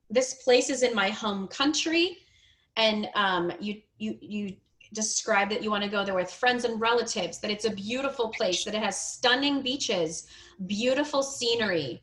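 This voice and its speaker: A woman teaching English on a video call, coaching a student's speaking with encouragement, gentle corrections and frequent laughter. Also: medium pitch, moderate pace. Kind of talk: one-on-one pronunciation and grammar coaching.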